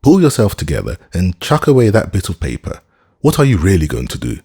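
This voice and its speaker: A man with a husky voice voicing a blunt, impatient male doctor in a storybook reading. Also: deep voice, huge pitch swings, a little fast, warm tone, full character voice. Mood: exasperated. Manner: curt, impatient.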